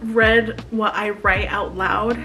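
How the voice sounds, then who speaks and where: A woman's voice: mid-range voice, little pitch movement, slow, over music. A woman in her twenties chatting in a confessional vlog, emotional and laughing nervously as she reads her old journal aloud. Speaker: vlogger.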